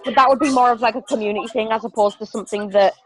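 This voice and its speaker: A woman on a team video call, chatty and excitable, thinking aloud about her plans. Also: fairly high pitch, racing, faint music behind, poor audio. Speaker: team member. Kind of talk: casual chat on a team call.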